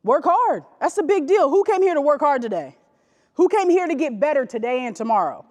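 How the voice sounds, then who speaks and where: A woman with a high voice gives an upbeat motivational talk to young basketball players. She pulls the group into call-and-response. Her voice carries from a distance through a gym with a long, ringing reverb. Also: a little fast. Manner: energetic call-and-response with the audience. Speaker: youth basketball motivational speaker.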